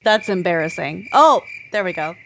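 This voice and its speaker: A woman's voice: lowish voice, expressive, moderate pace, creaky, a bit bright, slight background noise. A woman co-hosting a podcast in casual chat, giggly and wry. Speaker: podcast co-host.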